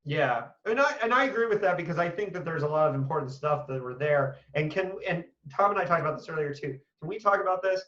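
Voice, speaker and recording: Guy hosting a casual panel chat, kinda high voice, sounds far off in an echoey room, dull audio. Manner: animated, emphatic, quick asides. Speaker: podcast host.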